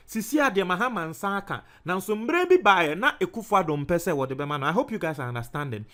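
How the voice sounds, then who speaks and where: Animated Ghanaian man giving commentary. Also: high-pitched. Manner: animated, explaining and repeating points. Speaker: news commentator. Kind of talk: commentary mixing Twi and English.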